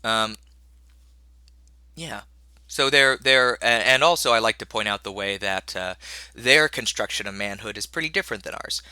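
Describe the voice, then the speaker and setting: Middle-aged male instructor with a low but very bright voice, recorded dry and close. Rambling lecture delivery with fillers and restarts, a little under the weather. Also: moderate pace, long pauses, clear, resonant tone, no room sound. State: slightly ill, coughing. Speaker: college instructor.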